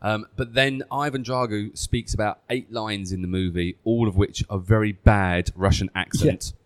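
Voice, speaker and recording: A man's voice: lowish voice, steady tone, moderate pace, clear, resonant tone, dry recording. Joking man hosting a chat. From Essex, England. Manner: chatty, joking, leads the questions. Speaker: podcast host. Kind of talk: casual chat.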